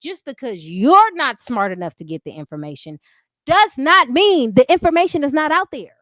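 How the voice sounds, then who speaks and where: A woman's voice: sits high, big pitch swings, moderate pace, a bit bright, dry recording, studio quality. A woman hosting a livestream, ranting in a profane, combative way and answering her chat in casual speech. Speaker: livestream host. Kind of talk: heated casual commentary.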